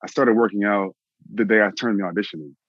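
Animated low-voiced man telling a story. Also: brisk, dry recording, lo-fi sound. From Austin, Texas. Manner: animated, repeats phrases for emphasis. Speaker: actor, guest. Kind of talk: casual interview storytelling.

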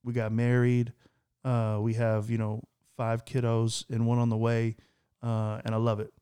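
A man in his thirties spins a casual story for a podcast, his pitch sitting in an ordinary middle range. He is animated, and he hops up into a higher register whenever he acts out what he or someone else said. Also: measured pace, clean tone. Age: 30s. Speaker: podcast co-host.

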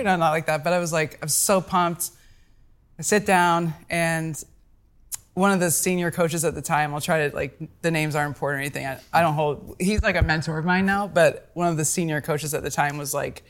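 A woman's voice: low-pitched, fairly even intonation, fairly quick. A woman guest on a podcast telling a story casually and animatedly, acting out the people she quotes.

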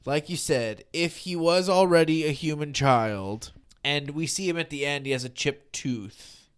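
A man's voice: a little high, measured pace, clean tone. A man co-hosting a podcast, chatting casually and musing aloud with lots of questions. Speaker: podcast co-host. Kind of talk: casual chat.

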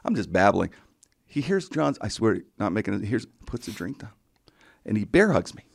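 A male radio host telling a story in a rambling, excitable way and breaking into his own sentences. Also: lowish voice, normal speed, gravelly, breathy edge, dry recording, clean studio sound. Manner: rambling, excitable, self-interrupting. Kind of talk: casual storytelling.

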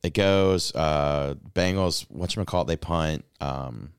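Deep-voiced man telling a sports story. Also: a little slow, smooth, no echo, clean studio sound. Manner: excited rambling storytelling, heavy swearing; gets loud and yells when excited. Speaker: podcast co-host. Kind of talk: casual chat.

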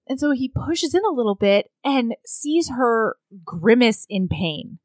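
A woman co-hosting a podcast in casual chat, recapping a book with a co-host, acting out characters' lines in a lower voice and laughing often. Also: sing-song, a little slow, no room sound. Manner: drops into a low husky voice to act out characters' lines, laughs often, swears.

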